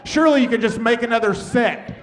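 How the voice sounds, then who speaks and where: A man performing a stand-up comedy set on stage, deadpan, with muttered asides. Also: very high voice, brisk. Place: comedy stage with laughing audience. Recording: noisy stage recording.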